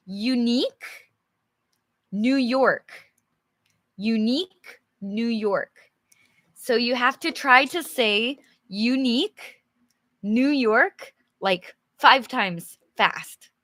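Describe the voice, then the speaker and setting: A woman's voice: fairly high pitch, lively intonation, takes it slowly, pauses often, sharp tone, dry recording, clean studio sound. A young woman teaching English, reading a storybook aloud and chatting with viewers, laughing often. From English-speaking country. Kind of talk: live English reading lesson with chat.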